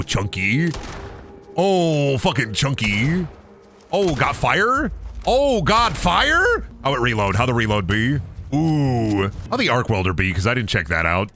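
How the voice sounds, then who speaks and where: A man's voice: mid-range voice, sharp tone, slight background noise. A young man giving casual, goofy and profane commentary while streaming a video game. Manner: goofy, profane, playful voice swings.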